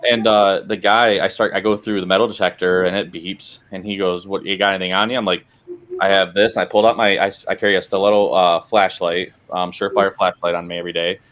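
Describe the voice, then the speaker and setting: A man with a low, deep voice chats casually on a podcast. He rambles through personal anecdotes in a relaxed way. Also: fast talker, hardly any pauses. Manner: rambling anecdotes with acted quotes. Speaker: podcast co-host. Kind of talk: casual chat, storytelling.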